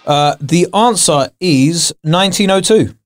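رجل يتحدث بحماس ومزاح مع موسيقى خافتة. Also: male voice, on the high side, a little slow, music in the background. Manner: playful, mock-outraged banter, laughs often. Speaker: podcast co-host. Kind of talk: casual podcast chat.

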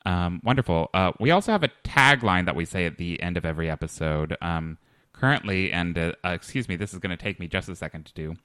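A man's voice: deep voice, fast, pushed and bright, clean tone, no room sound. A man hosting a comedy podcast, talking in a hesitant, dry comic way with many fillers. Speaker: podcast host.

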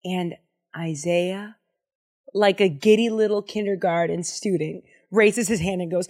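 A woman's voice: fairly low pitch, steady tone, a little slow, a little mellow. A young woman casually leading a Bible study, enthusiastic and chatty with lots of fillers.

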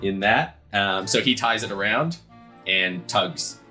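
A man narrating as game master of a tabletop game, animated and often laughing. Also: lowish voice, takes it slowly, faint music behind.

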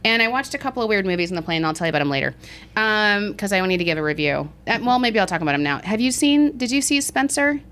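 This woman, a podcast co-host, has a mid-range voice and talks fast and smoothly. In casual chat she tells a travel story with animation, acting out the people she quotes.

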